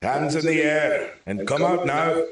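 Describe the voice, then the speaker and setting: A man's voice: medium pitch, steady tone, normal speed, close to an everyday voice. A man voicing a polite but stiff soldier holding a stranger at gunpoint, in a storybook reading. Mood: stiff duty. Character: stiff, dutiful male soldier with authority. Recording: very echoey room.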